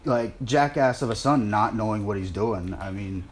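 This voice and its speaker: A man's voice: lowish voice, normal speed, crowd noise. A young man chatting casually on a podcast, laughing often and rambling through his thoughts. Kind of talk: casual crude chat. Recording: noisy room recording.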